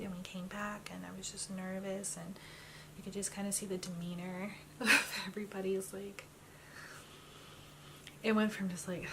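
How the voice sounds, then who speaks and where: Creaky-voiced young woman telling a story. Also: mid-range voice, background noise. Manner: chatty, many fillers, quotes others. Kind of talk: personal storytelling.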